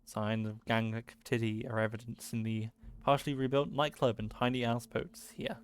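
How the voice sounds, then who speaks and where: A man narrating a role-playing game playthrough, reading text aloud and pausing often with fillers. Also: medium pitch, little pitch movement, clean tone. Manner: halting, many fillers, reads text aloud. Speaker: let's play host.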